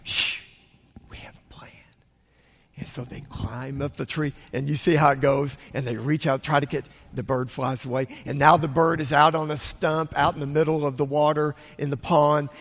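An older man delivers a Sunday sermon from the pulpit, his voice sitting a little high for a man. He tells stories in lively swings, dropping to hushes and rising to loud bursts. The sound rings out with the long reverb of a large church sanctuary. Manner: storytelling with hushed whispers and sudden loud bursts. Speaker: pastor.

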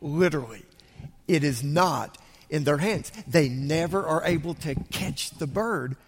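Older pastor preaching in a reverberant sanctuary. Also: male voice, on the high side, a little slow, slightly rough. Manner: storytelling with hushed whispers and sudden loud bursts. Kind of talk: sermon. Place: church sanctuary. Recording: long hall reverb.

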